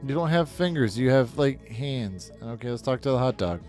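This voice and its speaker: In a casual let's-play, a gaming host rambles over his own playthrough, swearing freely and speaking his mind bluntly. His medium-pitched voice is a little mellow, with lively intonation and a moderate pace, and faint music plays behind him.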